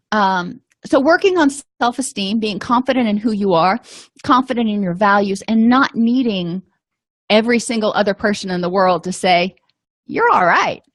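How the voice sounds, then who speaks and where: A middle-aged woman calmly explaining anger management tips in a casual talk, with frequent pauses and fillers. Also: medium pitch, no echo, studio quality. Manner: calm, explanatory, with frequent ums and you-knows. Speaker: vlogger giving advice.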